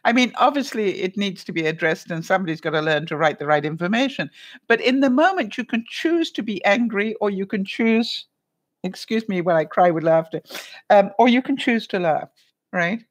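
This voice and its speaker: Greeting viewers in the live chat, this woman runs a casual live stream, laughing often through a story and acting out what others said. Her mid-range voice is animated, at a moderate pace.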